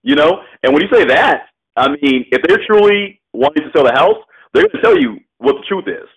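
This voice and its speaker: A man coaching a student over a call on real estate, casual and loose, often laughing and acting out quick phone exchanges. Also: a little high, sing-song, creaky, slightly rough, dull audio. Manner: loose, laughing, quick bursts of role-played phone talk.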